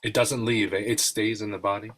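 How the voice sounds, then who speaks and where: A man's voice: fairly low pitch, little pitch movement, brisk, a bit bright, husky. A man hosting a podcast, asking thoughtful, probing questions. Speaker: podcast host. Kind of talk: interview questions.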